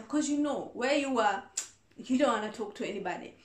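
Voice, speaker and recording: A woman's voice: on the high side, expressive, fast talker. Earnest woman reverend in echoey room. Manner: earnest, repeats points for emphasis. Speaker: reverend answering viewer questions. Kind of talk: casual advice talk.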